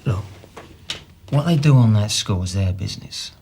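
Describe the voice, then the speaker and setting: An evasive Cockney suspect. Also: male voice, lowish voice, animated, normal speed, gravelly, a little mellow, slight background noise. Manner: defensive, evasive. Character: evasive young male city trader suspect. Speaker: suspect in police interview.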